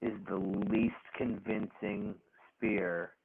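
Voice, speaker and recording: A man's voice: low-pitched, slow pace, creaky, slight background noise. A man co-hosting a casual wrestling podcast, ranting with profanity and laughter over remote call audio. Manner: profane, animated, laughing rants. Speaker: podcast co-host. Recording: tinny phone-like audio.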